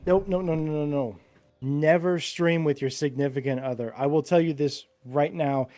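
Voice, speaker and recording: A slightly drunk man in casual chat, rambling and profane, insisting loudly on his points. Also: on the high side, normal speed. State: tipsy. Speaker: podcast co-host.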